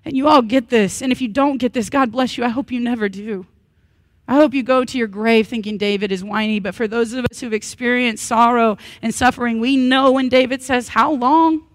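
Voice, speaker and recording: A woman in her thirties delivers a sermon at a church worship service. Her voice sits a bit high, and the sound is dry with little room around it. She speaks earnestly and breaks into animated, humorous asides. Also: a little fast, no echo. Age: 30s. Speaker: pastor.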